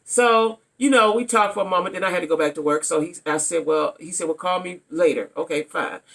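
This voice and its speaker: A middle-aged woman vlogger telling a story to her viewers in a blunt, animated way, often checking in with them. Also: lowish voice, brisk, gravelly. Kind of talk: casual storytelling to camera.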